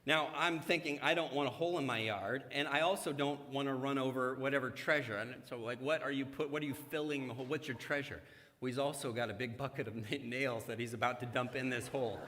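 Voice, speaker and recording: A man's voice: medium pitch, steady tone, fast talker, sharp tone. A middle-aged male pastor preaching a sermon in a church sanctuary, mixing scripture with humorous personal stories in a conversational way. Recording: long church hall reverb.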